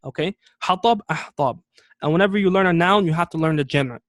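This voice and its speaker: A man teaching an Arabic lesson, explaining words step by step, repeating key terms slowly and often checking in with "okay?". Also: a little high, no echo, clean studio sound. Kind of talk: classroom lesson.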